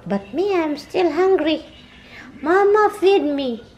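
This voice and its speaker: A woman's voice: very high-pitched, lively intonation, slow, darkish tone, highs cut off, pitched above the performer's own voice, heavily acted. A woman with a Filipino accent voicing a hungry pet dog that whines and pleads with its owner for food. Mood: begging. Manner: whiny, pleading. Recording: home video with background noise.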